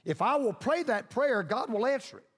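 A man's voice: very high voice, expressive, moderate pace. A man pastor preaching a sermon emphatically, repeating lines for stress and leading his congregation in call-and-response. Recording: long reverb of a large hall.

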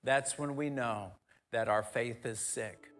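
Bright-voiced storytelling male preacher. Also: mid-range voice, takes it slowly. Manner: storytelling, drops to soft near-whisper for emphasis. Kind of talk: sermon.

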